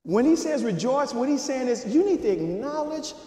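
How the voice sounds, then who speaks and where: Male pastor, very high voice, fiery sermon delivery that swings between shouting and quiet asides, reverberant sanctuary sound. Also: big pitch swings, normal speed. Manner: emphatic preaching, swinging from shouts to low asides. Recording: echoey hall reverb.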